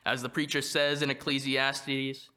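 A man preaching a sermon, reading from a prepared text in a measured way and slowing down to stress quoted verses. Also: medium pitch, level tone, bright, forceful tone, clear, resonant tone. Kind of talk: read sermon.

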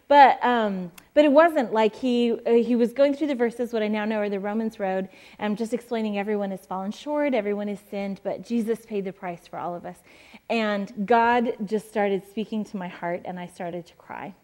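This sermon comes from a forties-aged woman pastor on a church stage, who tells stories conversationally and keeps laughing and using fillers. Her voice runs on the high side, with a darkish tone.

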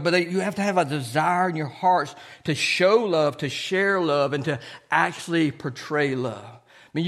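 A man preaching a sermon to his congregation, earnest and repetitive, often asking "Amen?". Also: a little high. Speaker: pastor.

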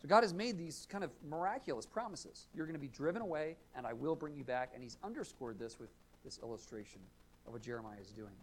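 A male pastor preaching a sermon, earnest and explanatory, rising to loud emphatic readings of scripture. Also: a little high, lively intonation, fast talker.

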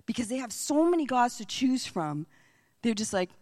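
A woman preaching a sermon as a missionary speaker, telling stories with animation and dropping into hushed whispers. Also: fairly high pitch, very animated, moderate pace.

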